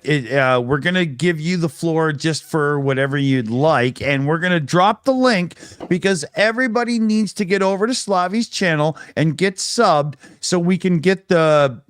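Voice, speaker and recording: A man's voice: on the high side, moderate pace, few pauses, a bit bright, clean tone, dry recording, clean studio sound. A man from Canada co-hosting a livestream panel, joking, laughing often and swearing casually. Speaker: livestream co-host.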